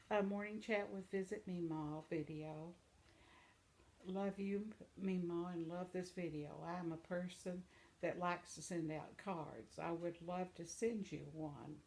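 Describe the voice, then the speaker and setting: Gravelly older woman chatting with viewers. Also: on the low side. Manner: warm, rambling, laughs often. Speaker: vlog host. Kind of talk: casual chat reading viewer comments.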